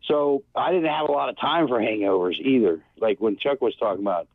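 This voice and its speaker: A man's voice: mid-range voice, brisk, husky, dry recording. Rambling man on a tinny phone line. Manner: loose, rambling, chuckling after many beers. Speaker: caller. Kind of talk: casual phone-in beer review.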